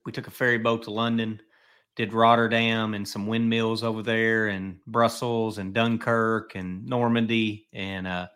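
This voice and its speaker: A man's voice: on the low side, level tone, unhurried, a bit bright, smooth. A middle-aged man hosting a podcast, telling stories in a rambling, chatty way. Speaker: podcast host. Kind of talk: casual podcast chat.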